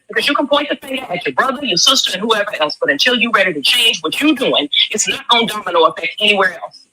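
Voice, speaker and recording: A woman's voice: mid-range voice, lively intonation, fast talker, crowd noise, rough recording. A woman, talking with emphatic, preachy force and rhetorical questions. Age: 40s. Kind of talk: impassioned commentary.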